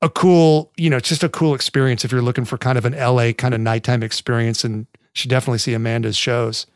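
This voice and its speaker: A man's voice: mid-range voice, steady tone, fast talker, no room sound, studio quality. A man co-hosting a podcast in casual chat, laid-back and jokey, rambling as he talks. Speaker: podcast co-host.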